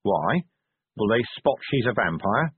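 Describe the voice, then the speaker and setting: A man's voice: fairly low pitch, big pitch swings, measured pace, slightly rough, heavily acted. A man voicing a blunt, cynical middle-aged police commander in an audiobook. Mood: gruff. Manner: blunt and cynical, sharp retorts. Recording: tinny narrow-band audio.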